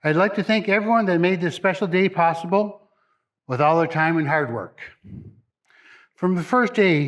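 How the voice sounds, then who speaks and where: A man with a notably high voice gives a wedding toast as father of the bride. He is tearful and halting, tripping over his words as emotion gets the better of him. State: crying. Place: wedding reception.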